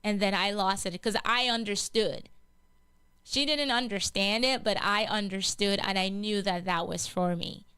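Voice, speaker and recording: A woman's voice: mid-range voice, unhurried, bright, forceful tone, clear, resonant tone, dry recording. A woman hosting a gospel radio show, sharing a personal testimony in an earnest, heartfelt way with many repetitions and restarts. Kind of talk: personal testimony, casual spoken.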